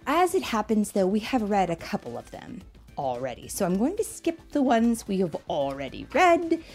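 A woman reading a children's story aloud, talking warmly and directly to her young listeners. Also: medium pitch, normal speed, faint music behind. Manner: warm, animated, talks to listeners directly.

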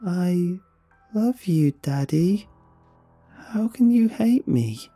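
A man's voice: high voice, expressive, drawn-out words, warm tone, slightly rough, faint music behind, pitched above the performer's own voice, full character voice. A man voicing a creepy entity that mimics a little girl, speaking in an eerily sweet, pleading sing-song. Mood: menacing.

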